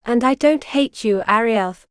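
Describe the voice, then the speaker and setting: A woman's voice: a little high, unhurried, dry recording, lightly acted. A woman voicing an arrogant male warrior lord who speaks dryly and curtly. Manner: dry, curt.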